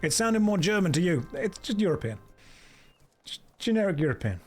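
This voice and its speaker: A man's voice: high-pitched, big pitch swings, moderate pace, slightly rough, faint music behind. A man streaming a video game, giving sarcastic, jokey running commentary.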